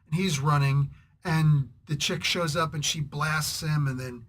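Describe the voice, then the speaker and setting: A man with a high, slightly bright voice and a brisk pace reviews comic books. His tone is casual but annoyed, full of sarcastic remarks, rambling tangents, and frequent throat clearing.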